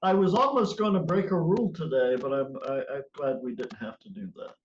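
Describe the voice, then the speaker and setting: A man's voice: fairly high pitch, sing-song, brisk, a little hiss or hum. A man hosting a play reading group on a video call, easygoing and telling jokes plainly. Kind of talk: casual chat on a video call. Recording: roomy, dull video-call audio.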